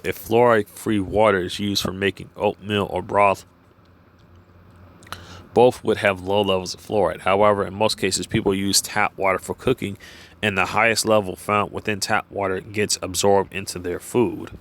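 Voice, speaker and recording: A man with a lowish voice reads numbers off a page in a plain, steady way. When he drifts off the text, he rambles and restarts, with plenty of "uh" and "you know" along the way. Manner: halting, many fillers and restarts when off script. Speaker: vlogger. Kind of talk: reading from a page and musing aloud.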